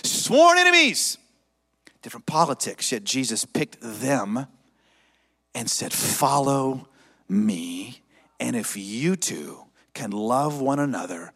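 Lively preaching man in a reverberant hall. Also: medium pitch, slow. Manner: dynamic preaching with call-and-response. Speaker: pastor. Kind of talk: sermon.

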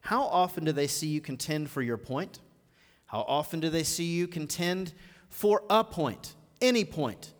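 High-voiced male pastor in a reverberant hall. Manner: builds from low, measured teaching to loud, rising exhortation. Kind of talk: live sermon. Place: church auditorium.

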